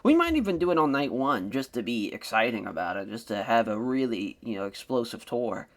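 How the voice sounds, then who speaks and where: A man hosting a wrestling-sim let's-play channel, giving casual, rambling commentary on his game. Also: fairly quick. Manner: rambling and conversational, with lively swings in pitch.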